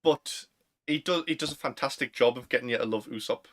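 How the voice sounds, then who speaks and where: A young man with a Northern English accent, co-hosting a casual chat, chatty and quick to laugh. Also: mid-range voice, fairly bright tone. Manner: chatty, laughs often, fillers. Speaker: podcast co-host.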